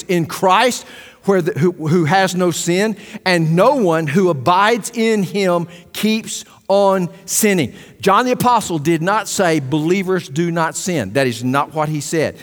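A man preaching a sermon as pastor, impassioned, swinging between loud emphasis and hushed asides. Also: a little high. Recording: long hall reverb.

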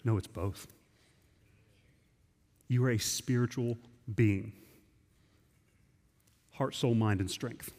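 A man's voice: medium pitch, slow pace, pauses often, a little mellow. Preaching man in an echoing church. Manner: conversational, emphatic preaching with frequent restarts. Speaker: pastor. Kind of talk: sermon. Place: church sanctuary. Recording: long reverb of a church hall.

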